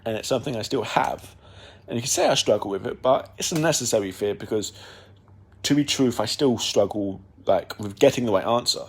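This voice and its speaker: A man's voice: medium pitch, fairly quick, husky. A young man talking casually on his own podcast, rambling with many fillers and restarts. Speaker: podcast host. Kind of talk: casual monologue.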